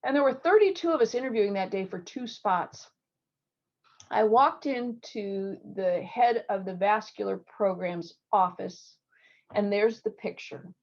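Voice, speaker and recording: A middle-aged woman surgeon coaches applicants in an online session, mid-pitched and lively. She tells stories and acts out the voices in them. Her audio is a touch dull and lo-fi, as on a video call. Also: measured pace. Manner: lively storytelling with acted quotes. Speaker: surgeon giving interview advice. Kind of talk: online talk.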